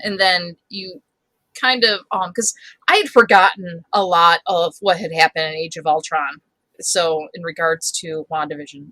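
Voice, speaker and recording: A chatty woman with a bright, sharp voice talks through a podcast conversation. She hesitates often with ums, and the sound is dry and close to the mic. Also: on the low side, steady tone, normal speed, dry recording, rough recording. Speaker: podcast co-host. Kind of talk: casual chat.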